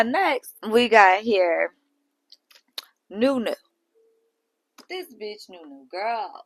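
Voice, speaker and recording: Woman, reality recap host, casual gossip, profane, bright forceful voice, dry close sound. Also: medium pitch, dry recording, low-quality recording. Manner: profane, chatty, laughing asides. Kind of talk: casual chat.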